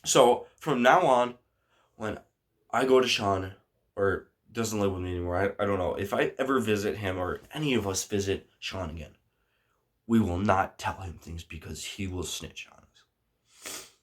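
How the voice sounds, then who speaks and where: A man telling a story on his vlog in a casual, animated way, swearing freely and often restarting his sentences. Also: on the low side, unhurried.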